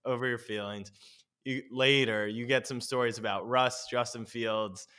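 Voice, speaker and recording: A man hosting a casual chat, teasing his guest with quick questions. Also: medium pitch, fairly even intonation, bright, forceful tone, clean tone. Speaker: podcast host.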